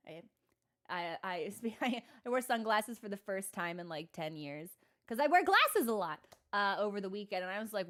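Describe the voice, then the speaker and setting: Chatting while gaming on stream, a woman rambles with sarcasm and self-mockery, using many fillers. She has an expressive mid-range voice with vocal fry, a bit of brightness, and a moderate pace.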